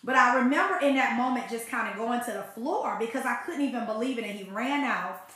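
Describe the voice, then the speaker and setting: A woman's voice: a little high, a little fast, a bit bright. A woman sharing a personal faith testimony in an emphatic, conversational way. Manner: emphatic, conversational, folksy exclamations. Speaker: faith podcast host. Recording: very echoey room.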